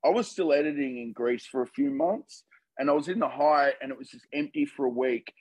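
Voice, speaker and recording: A man, a filmmaker guest, chatting casually and telling animated stories in an interview. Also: medium pitch, fairly quick, slightly rough, low-quality recording.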